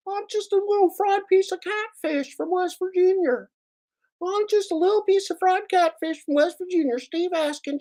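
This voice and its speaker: A man's voice: very high voice, dark tone, pitched above the performer's own voice, exaggerated voice. A man putting on a whiny, mocking male voice that repeats sarcastic taunts in a sing-song way. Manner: sarcastic, wheedling, repetitive taunts.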